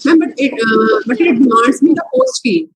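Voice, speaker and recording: A woman's voice: high voice, big pitch swings, normal speed, slight background noise. A woman on a video call, politely instructing the presenter.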